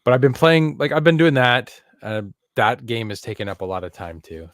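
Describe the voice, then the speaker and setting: A man chatting on a podcast with a loose, joking, rambling manner, his voice sitting at an everyday middle pitch. The recording is close and dry, with no room sound around him. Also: lively intonation, a little fast, dry recording. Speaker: podcast co-host. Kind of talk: casual chat.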